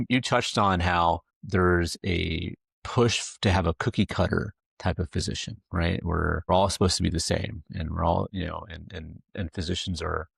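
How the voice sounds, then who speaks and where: A man's voice: low-pitched, vocal fry, husky, dry recording, clean studio sound. A male podcast host who speaks reflectively, stumbling and repeating words as he builds up to his questions. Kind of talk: casual interview chat.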